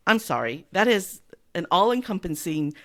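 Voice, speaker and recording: A woman in her fifties from California, hosting a podcast and chatting casually and warmly with frequent laughter. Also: on the low side, big pitch swings, moderate pace. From California, USA. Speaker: podcast host. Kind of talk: casual interview chat.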